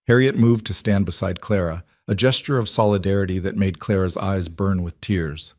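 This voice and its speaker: A male narrator reading a Western tale in a measured, dramatic manner. His voice sits low, and the recording is dry and close with no room sound. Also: a little mellow, dry recording. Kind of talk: scripted storybook narration.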